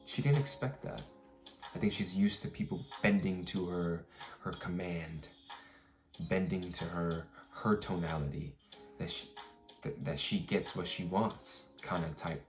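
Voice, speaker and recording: Deep-voiced man venting in a vlog. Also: a little slow, faint music behind. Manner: rambling, restarts, swears, firm retelling. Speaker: vlogger. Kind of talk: casual storytelling vlog.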